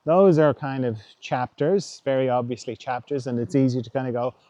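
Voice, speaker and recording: A man hosting a reflective spiritual talk, musing gently and voicing imagined thoughts aloud. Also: medium pitch, steady tone, moderate pace, no echo. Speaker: podcast host.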